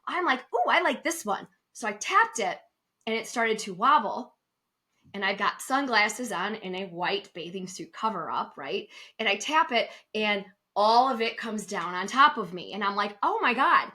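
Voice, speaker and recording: A middle-aged woman co-hosting a travel podcast, chatting casually and telling a lively personal story. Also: moderate pace. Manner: lively storyteller, acts out quotes with big pitch jumps. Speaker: podcast co-host and travel advisor.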